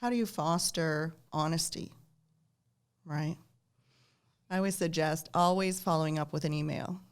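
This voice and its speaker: A woman's voice: low voice, moderate pace, clear, resonant tone. A woman giving casual advice on how to speak with credibility, explaining and affirming in an interview. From lived many years in Ontario. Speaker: guest expert on nonverbal communication.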